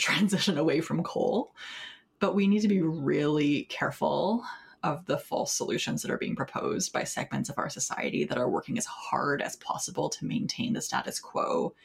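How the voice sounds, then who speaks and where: Brief: woman activist, casual and wry, with a gravelly, husky voice. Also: low voice. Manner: casual, frequent fillers and wry laughs. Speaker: mining justice organizer. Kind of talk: conversational interview answer.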